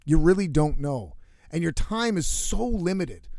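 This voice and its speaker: A man's voice: fairly high pitch, a little slow, vocal fry, no echo, studio quality. A man, a musician living in a van, telling a story in a rambling, heavily cursing, casual way. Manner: profane, rambling, animated storytelling. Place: inside a van.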